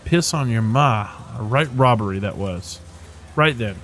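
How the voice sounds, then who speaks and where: A man's voice: medium pitch, moderate pace, slight background noise, close to an everyday voice. A man voicing a tough, blunt woman with a put-on Irish accent in a video game, talking wry folksy slang.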